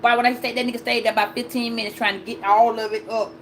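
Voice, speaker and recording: A woman's voice: a little high, little pitch movement, fast, a bit bright, a little hiss or hum, poor audio. Blunt, profane storytelling woman. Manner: blunt, profane, emphatic retelling. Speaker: astrology and tarot channel host. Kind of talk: casual storytelling rant.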